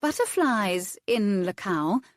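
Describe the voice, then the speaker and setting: A woman's voice: medium pitch, big pitch swings, slow pace, dry recording, clean studio sound, pitched above the performer's own voice. A woman voicing a playful young lady who feigns wide-eyed innocence while teasing a man. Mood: coy, teasing.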